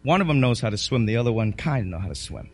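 A male pastor preaching a sermon, swinging between loud calls and low, quiet storytelling. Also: very animated, fast talker, slightly rough.

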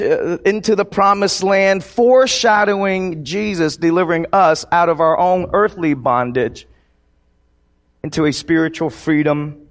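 A man preaching a sermon to his congregation in a conversational, joking way. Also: high-pitched. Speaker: pastor.

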